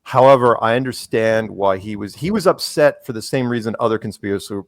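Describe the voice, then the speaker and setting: Low gravelly man telling rambling stories. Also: brisk, dry recording. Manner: rambling anecdotes, acts out quotes. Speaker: podcast guest. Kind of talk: casual conversational storytelling.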